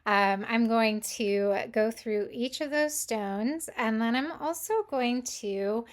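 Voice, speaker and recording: Slow, gentle woman doing a crystal reading. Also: on the high side. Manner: unhurried, gentle, many filler ums. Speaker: intuitive crystal reader. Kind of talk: casual spoken crystal reading.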